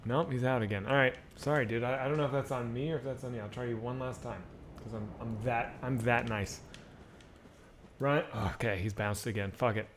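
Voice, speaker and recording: A man's voice: mid-range voice, steady tone, fairly quick, slight background noise. A man live-streaming a game and chatting casually with his viewers, rambling and swearing freely. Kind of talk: casual live-stream chat while gaming.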